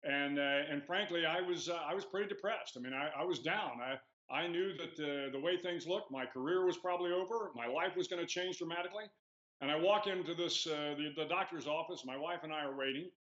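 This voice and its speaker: A man in his sixties, a retired admiral, answering interview questions in a measured storytelling way with many "uh"s and "you know"s. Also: on the high side, fairly bright tone. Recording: echoey lo-fi remote audio.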